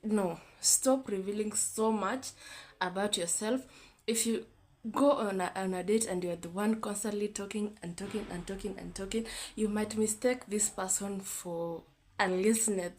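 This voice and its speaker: A woman's voice: medium pitch, steady tone, moderate pace, darkish tone. A young woman in her twenties talking casually to camera, giving candid dating advice with many fillers and repeats. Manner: chatty, candid, repeats herself with lots of fillers. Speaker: vlogger.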